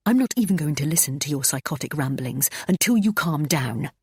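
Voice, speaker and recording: Woman putting on a sharp young husband, snappish and stern, dry close sound. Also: sits low, animated, brisk, husky, dry recording, heavily acted. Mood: stern snapping. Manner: snapping, scolding. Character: curt young husband, cold and impatient.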